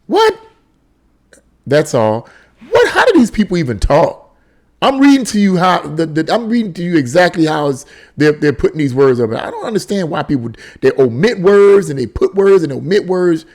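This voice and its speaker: A man's voice: fairly high pitch, very animated, normal speed, a little mellow. A man hosting a solo political commentary show, reading tweets aloud with exasperated, incredulous remarks and repeated phrases.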